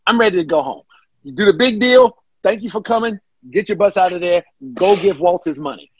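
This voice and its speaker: A man's voice: high-pitched, a little fast, breathy edge, highs cut off. A man, a guest comedian, telling a story in casual chat and acting out the people he quotes. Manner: animated, acts out quoted voices.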